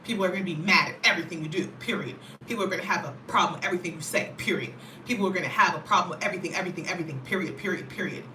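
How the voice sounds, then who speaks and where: Bright-voiced American woman vlogging. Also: on the low side, racing, few pauses, slight background noise. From United States. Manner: animated, talkative, frequent "you know what I mean". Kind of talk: casual chat to camera. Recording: roomy, mic at a distance.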